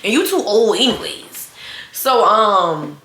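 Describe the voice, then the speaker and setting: A young woman vlogger telling a story in casual chat, blunt, sassy and animated, often laughing. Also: medium pitch, slow, a little hiss or hum. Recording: roomy echo.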